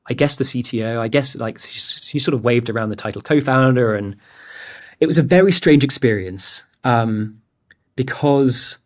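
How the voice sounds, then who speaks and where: Candid young man telling a startup story. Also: mid-range voice. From England. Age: 20s; late 20s. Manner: candid, rambling, heavy use of "like". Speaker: guest, startup founder. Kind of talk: casual storytelling interview.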